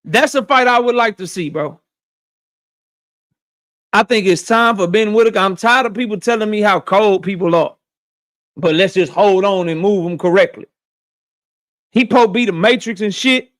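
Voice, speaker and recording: Hosting a boxing talk show, a young man with a remarkably high, fairly bright voice gives casual, opinionated takes. He's blunt and profane, repeats points for emphasis, and talks at a moderate pace with long pauses.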